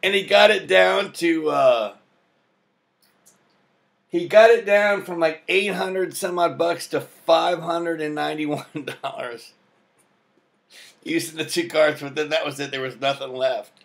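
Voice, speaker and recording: A man's voice: on the high side, fairly even intonation, slow, gravelly, long pauses, a bit bright. A young adult man telling a rambling story in a casual vlog, full of fillers and laughs. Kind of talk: rambling personal vlog monologue.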